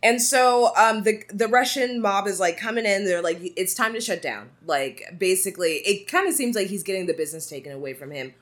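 A woman's voice: medium pitch, lively intonation, fairly quick, hardly any pauses. A woman co-hosting a podcast, recapping a film in casual, filler-heavy chat. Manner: chatty, filler-heavy storytelling. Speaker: podcast co-host.

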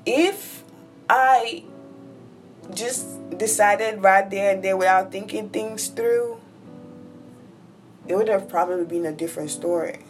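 A woman hosts her own podcast and tells a personal story in a candid, conversational monologue. She speaks at an everyday middle pitch and calls her listeners "y'all." A faint guitar plays quietly behind her. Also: slow, pauses often. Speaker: podcast host.

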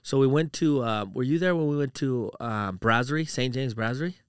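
A man's voice: mid-range voice, brisk, clean tone, no echo, clean studio sound. A man co-hosting a podcast in casual, rambling chat, full of "like" and "dude". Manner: rambling, uses "like" and "dude" a lot. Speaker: podcast co-host.

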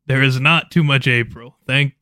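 A man's voice: mid-range voice, fairly even intonation, moderate pace, sharp tone, dry recording, clean studio sound. A man co-hosting a podcast in casual chat, opinionated and laid-back, swearing now and then. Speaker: podcast co-host.

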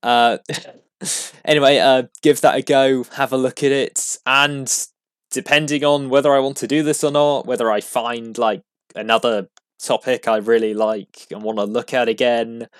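Man, podcast host, casual sign-off, rambling and self-deprecating, mid-pitched, close dry mic. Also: steady tone, moderate pace, clean tone, dry recording.

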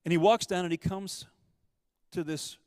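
A man preaching, telling a parable and acting out the quotes, with swings between loud urgency and hushed softness. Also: high-pitched, fairly even intonation, moderate pace, no echo, long reverb tail. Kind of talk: sermon storytelling.

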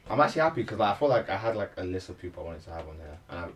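A British man hosting a podcast, laid-back and quick in his banter. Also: deep voice, sing-song, recorded from a distance, a little hiss or hum. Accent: London English. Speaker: podcast host. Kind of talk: casual chat.

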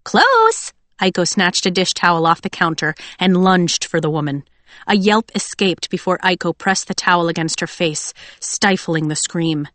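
A low-voiced audiobook narrator reads a scripted story expressively at normal speed, in a dry recording.

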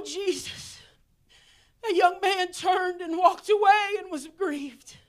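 A woman preacher with a very high voice delivers an emotional altar-call sermon in a church. She speaks slowly and deliberately, swinging from tearful, near-shouted pleas down to hushed whispers. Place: church sanctuary.

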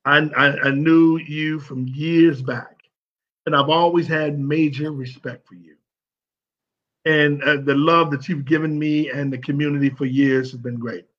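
A man from St. Louis giving an emotional, halting tribute that is full of repeated words. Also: a little high, steady tone, fairly bright tone, dull audio. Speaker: former pro football player speaking at an event. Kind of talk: heartfelt tribute speech.

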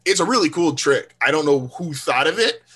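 Casual male podcast co-host, slightly high, bright tone, swears freely and acts out quotes. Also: a little fast, husky. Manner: animated, profane storytelling with quoted voices. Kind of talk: casual chat.

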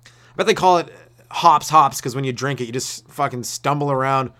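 A man's voice: medium pitch, a little fast, sharp tone. A young man doing a rambling, profane solo comedy rant, acting out silly voices. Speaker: stand-up comedian.

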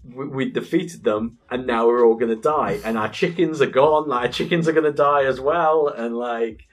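A man in his thirties co-hosts a podcast casually, telling an animated gaming story laced with swearing and frequent laughter. He talks at normal speed with a medium pitch.

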